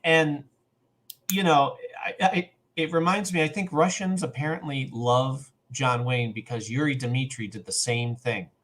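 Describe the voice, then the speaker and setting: A man co-hosting a podcast in casual chat, animated and acting out scenes in quoted voices. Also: mid-range voice, a little slow. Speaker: podcast co-host.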